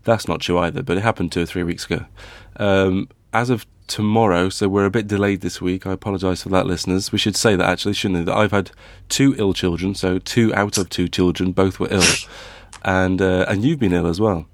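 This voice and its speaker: A man's voice: low-pitched, steady tone, a little fast, no echo. A man co-hosting a podcast, chatting playfully and often restarting his sentences. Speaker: podcast co-host. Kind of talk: casual chat.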